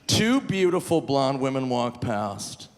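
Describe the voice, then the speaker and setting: A man in his forties from Minnesota doing a live stand-up set, animated and self-mocking, often breaking into laughter. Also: mid-range voice, slow. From Minnesota, USA. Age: 40s. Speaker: stand-up comedian. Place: live theater stage. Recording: reverberant live venue, faint room noise.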